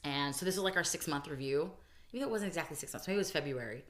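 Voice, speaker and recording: A woman co-hosting a podcast, telling a personal story in casual chat and voicing the people she quotes. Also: very fast. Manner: animated storytelling, voices quotes with big pitch jumps. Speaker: podcast co-host. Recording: echoey room, early podcast audio.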